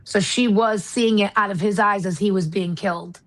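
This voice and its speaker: An American woman guest talks in an earnest, measured way. Her voice sits at an ordinary middle pitch, and she speaks candidly about her work as a retired marshal turned investigator. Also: fairly even intonation, poor audio. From United States. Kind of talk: casual interview talk.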